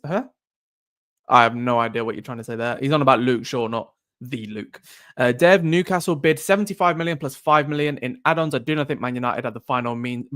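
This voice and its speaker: A man's voice: mid-range voice, fairly bright tone. An Irish man in the middle of his vocal range, talking easily through a live stream. He reads out viewer comments and answers each one in a loose, chatty way. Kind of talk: casual live-stream chat.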